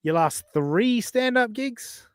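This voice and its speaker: A man's voice: extremely high pitch, expressive, slow, clear, resonant tone, no echo, clean studio sound. A man hosting a podcast in casual banter, blunt and profane, laughing between jabs. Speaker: podcast host.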